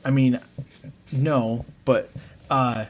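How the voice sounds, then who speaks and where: A woman's voice: rumbling low, fairly even intonation, extremely slow, a crowd in the background. A young woman co-hosting a casual podcast, teasing and cracking jokes as her co-host tells a case. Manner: wisecracking, teasing, jumps into silly voices. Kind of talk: casual true-crime podcast chat.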